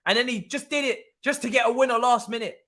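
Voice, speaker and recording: A young man hosting a live football watch-along, talking excitably, repeating himself and swearing freely. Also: very high-pitched, fast talker. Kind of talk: live stream reaction commentary.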